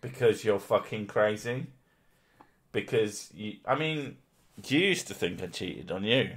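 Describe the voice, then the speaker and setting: A man's voice: on the low side, a little slow. Male streamer, sarcastic and profane, joking at a desk mic. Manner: sweary, sarcastic, laughing often. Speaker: streamer host. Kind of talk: casual chat.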